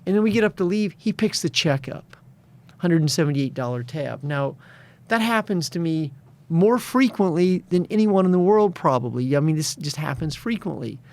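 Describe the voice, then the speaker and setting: Male coach guest, higher-pitched, confident storyteller. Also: lively intonation, moderate pace, a little mellow. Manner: storytelling, acts out quoted voices. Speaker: guest, success and addiction coach. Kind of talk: interview conversation.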